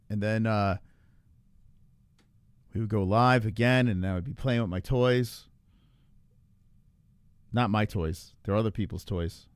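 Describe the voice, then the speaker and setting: A man's voice: mid-range voice, smooth, no echo. A man hosting a casual livestream, ranting and joking with chat, often profane and mocking. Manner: ranting, mocking a chatter in a put-on voice; profane and jokey. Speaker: livestream host.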